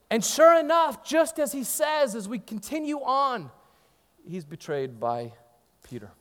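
A man's voice: very high voice, very animated, measured pace, a bit bright, big-room sound. A man preaching a sermon, telling the story with dramatic, acted-out dialogue. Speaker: pastor.

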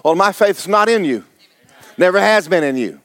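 A man's voice: high voice, expressive, normal speed, fairly bright tone, no room sound. A man preaching a blunt, exhorting sermon, firing rhetorical questions at his congregation. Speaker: pastor.

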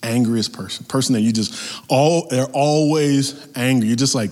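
A man preaching a sermon as pastor, talking in a lively, conversational way with acted-out asides. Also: medium pitch, moderate pace, long reverb tail.

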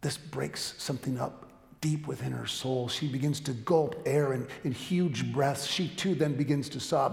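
A male pastor preaching a sermon with a story, dramatic, swinging from loud emphasis down to near-whispers. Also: medium pitch, moderate pace, gravelly. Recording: echoey hall with long reverb.

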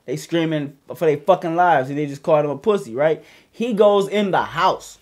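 A man casually telling a story on a podcast, profane and animated, with loud bursts as he acts it out. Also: fairly high pitch, normal speed.

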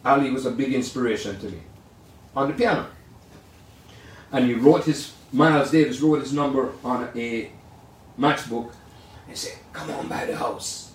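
An older man, a jazz pianist, telling rambling, animated stories in a casual way. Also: mid-range voice, moderate pace, pauses often, slight background noise. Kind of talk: casual storytelling. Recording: roomy sound from far off.

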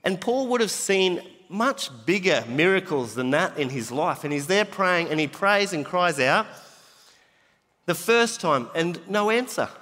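Male pastor, chatty sermon delivery, high-pitched, recorded with long hall reverb. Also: lively intonation, unhurried, pushed and bright. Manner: conversational, laughs easily, loses his notes.

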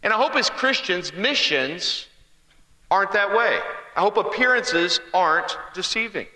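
A man's voice: sits high, lively intonation, measured pace, bright, forceful tone, roomy sound, long reverb tail, low-quality recording. A man giving a humorous sermon, telling stories and asking the congregation questions in a conversational way. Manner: conversational storyteller, asks the crowd questions.

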